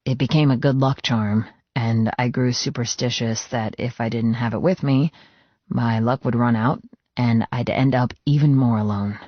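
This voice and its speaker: A man voicing a brooding, possessive biker president in a suit, speaking low, intimate and teasing. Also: steady tone, normal speed, no echo, natural voice. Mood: earnest. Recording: dull, lo-fi dry studio read.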